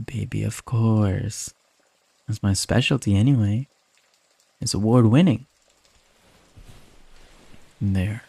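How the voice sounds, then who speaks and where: A man in a whispered role-play as a caring boyfriend, talking softly and tenderly to comfort his partner. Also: lowish voice, gravelly, slightly rough, no room sound. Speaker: ASMR creator.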